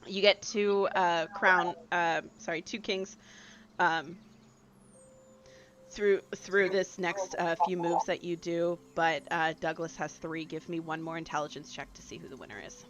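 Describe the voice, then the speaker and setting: A game master narrating a tabletop game, halting often with fillers and restarts. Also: medium pitch, level tone, a bit bright, highs cut off, a little hiss or hum. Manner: hesitant narration with many fillers.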